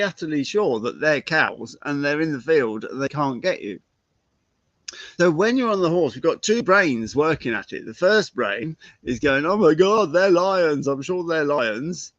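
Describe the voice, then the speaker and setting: A man's voice: a little high, fairly bright tone, no echo, dull audio. A man teaching about horses in a chatty live-stream talk, often asking rhetorical questions. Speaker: horse trainer.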